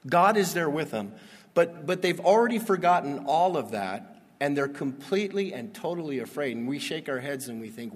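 A pastor giving a sermon, reading Bible verses and explaining them in a conversational way that builds to emphatic peaks. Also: male voice, a little high, expressive, moderate pace, husky. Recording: long reverb of a large hall.

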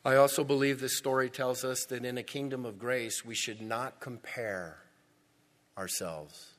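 A man's voice: mid-range voice, steady tone, a little slow, fairly bright tone, big-room sound. A male pastor preaching a sermon in a church, emphatic and repeating words for stress.

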